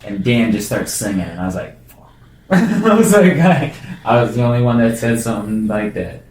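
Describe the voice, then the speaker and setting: This twenty-something man has a mid-range voice and speaks at normal speed in an echoey room. Lively and quick to laugh, he swaps comic stories in relaxed conversation, performing other people's lines as he goes.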